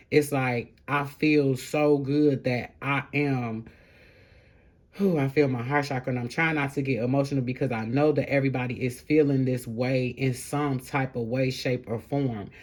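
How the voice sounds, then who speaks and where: A woman with a rumbling low, darkish voice gives a casual, spiritual tarot reading to camera. She's heartfelt and encouraging, rambling with fillers as she talks straight to her viewers.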